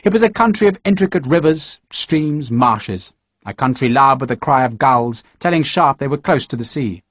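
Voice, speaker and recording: A man narrating an audiobook with a steady, measured reading. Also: medium pitch, no echo, studio quality.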